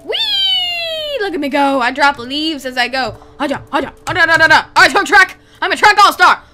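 A woman giving excitable, squealing commentary while playing a video game, often gasping. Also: high-pitched, moderate pace. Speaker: let's play gamer. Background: game music.

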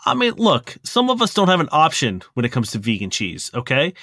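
Guy cohosting a chat podcast, super expressive pitch, laughs a lot, dry close sound. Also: fairly quick, no echo. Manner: animated, emphatic, laughs easily. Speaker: podcast co-host. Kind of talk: casual chat.

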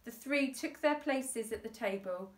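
A woman teacher reading a children's book aloud with brisk storytelling narration, recorded in an echoey room on a distant mic. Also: a little high.

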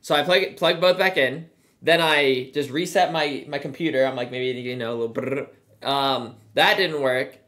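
A man's voice: medium pitch, normal speed, sharp tone. A man streaming, chatting casually and rambling through a story with many fillers and restarts.

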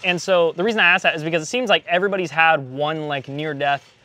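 A man's voice: a little high, fast, pushed and bright. A young man interviewing a pilot, rambling through his questions with many fillers. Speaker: interviewer, host. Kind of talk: casual interview.

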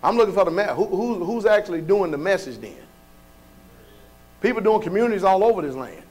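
Speaking a little fast in a high, expressive voice, this pastor delivers his sermon in plain folksy language, peppering it with rhetorical questions and occasional shouting.

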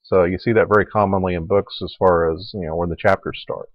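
Low-voiced man teaching Latin grammar. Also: fast, no room sound, lo-fi sound. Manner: relaxed explaining, repeating forms aloud. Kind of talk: recorded lecture.

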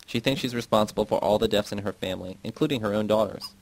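A man voicing a stern, commanding male friend in a read-aloud novel, speaking in a raised, forceful way. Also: on the low side, fast, natural voice, rough recording.

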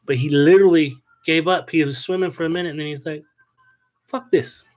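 This man co-hosts a podcast and tells stories in a fast, emphatic, casual chat, swearing heavily and saying "dude" a lot. His voice sits fairly high and keeps a steady tone.

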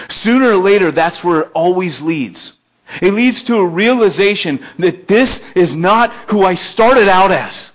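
A young American pastor tells stories from the pulpit in a casual, animated way, jumping between excited, loud asides and hushed, earnest stretches. His voice sits a little high for a man. The recording is dull and lo-fi. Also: takes it slowly. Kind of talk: casual storytelling sermon. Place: elementary school meeting room.

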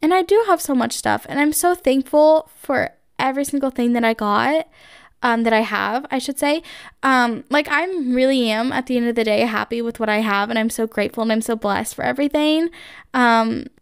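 A woman's voice: fairly high pitch, normal speed, gravelly, clear, resonant tone, no room sound, studio quality. A young woman hosting her own podcast, chatting casually and gushing, filling her talk with "like" and "um". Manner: chatty, gushing, heavy use of like and um. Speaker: podcast host. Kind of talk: casual solo podcast chat.

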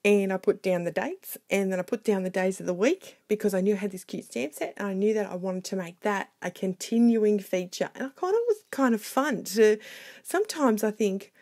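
A woman narrating her scrapbooking video in a casual voiceover, chatty, excitable and quick to poke fun at herself. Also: medium pitch. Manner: chatty, excitable and self-deprecating. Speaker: scrapbooking vlogger. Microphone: voiceover recorded separately.

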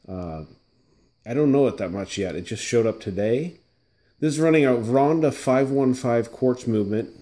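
A man hosting his watch channel, giving a casual, chatty unboxing review with lots of ums and asides. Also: on the low side. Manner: relaxed and chatty, full of fillers and asides.

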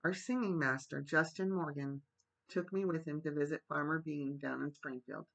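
A man reading the part of a shy young farmhand speaking plainly and haltingly in a storybook. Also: a little high, steady tone, gravelly, a bit bright. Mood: earnest. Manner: hesitant, rustic speech.

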